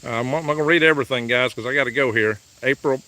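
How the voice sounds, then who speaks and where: Fast, pushed, and bright at a medium pitch, a man hosts a relaxed live farm vlog on the phone in his hand. He reads viewer comments aloud with easygoing, folksy chatter while moving in and around a truck outdoors.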